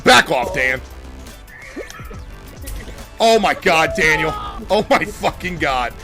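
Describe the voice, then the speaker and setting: A male streamer and game master who yells and swears excitedly at video games. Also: on the high side, slow, over music. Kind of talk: streamer commentary.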